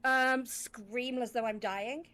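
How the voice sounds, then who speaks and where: A woman playing a tabletop role-playing game, talking in a hesitant, rambling, excitable way. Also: fairly high pitch, slow. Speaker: player. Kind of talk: casual tabletop game chat.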